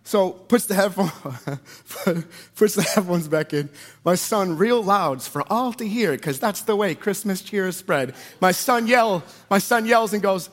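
A man preaching a sermon, telling personal stories in an animated, conversational way and asking the audience questions. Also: high-pitched, unhurried. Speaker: pastor.

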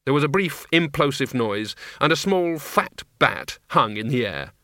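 A man narrates a comic fantasy audiobook at a mid pitch with a wry, measured delivery. His tone is bright and crisp, recorded dry and close. He keeps an even storytelling pace throughout. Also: no room sound.

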